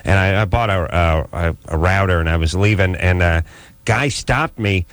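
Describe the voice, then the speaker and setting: A man's voice: low voice, normal speed, fairly bright tone, dry recording. A man hosting a radio talk show, telling stories in a sardonic, rambling way with many restarts. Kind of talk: casual radio talk, storytelling.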